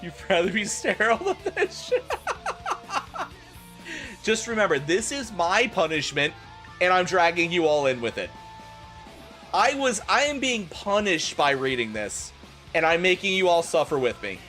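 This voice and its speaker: A man's voice: high voice, very animated, measured pace, long pauses, sharp tone. A man streaming a comedic dramatic reading, with sarcastic, swearing, laughing asides. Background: faint rock music.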